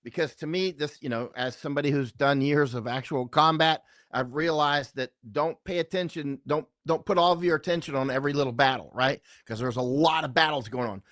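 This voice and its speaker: Emphatic rambling man, fairly high voice. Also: brisk, hardly any pauses, a bit bright, no echo, studio quality. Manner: rambling, keeps asking "right?". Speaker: guest. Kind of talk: conversational interview talk.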